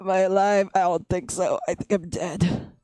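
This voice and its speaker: A woman's voice: fairly low pitch, steady tone, normal speed, warm tone. A woman chatting casually on a live stream, rambling and restarting her sentences.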